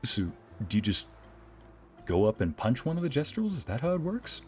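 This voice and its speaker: A man's voice: medium pitch, very animated, normal speed, a little mellow, soft background music. A man streaming a let's play, commenting playfully, joking and reading game dialogue aloud. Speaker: VTuber streamer and narrator.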